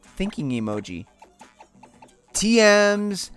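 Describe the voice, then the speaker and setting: A young woman with a medium-pitched, sing-song voice talks slowly over soft background music. Hosting a gaming channel, she offers casual let's play commentary, chatting and poking fun at herself as she plays.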